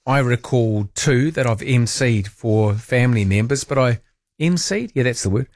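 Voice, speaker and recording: A man's voice: mid-range voice, moderate pace, a little mellow, no room sound, clean studio sound. A man with a New Zealand accent hosting overnight talk radio, chatty and wry, asking listeners questions. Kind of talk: casual radio chat. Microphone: studio microphone.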